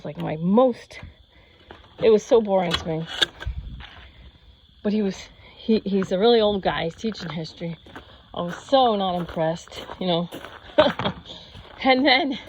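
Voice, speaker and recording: A woman in her fifties telling a personal story in a casual, rambling way, acting out the voices of people she quotes. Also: mid-range voice. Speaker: yoga channel host. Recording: slightly dull lo-fi audio with faint noise.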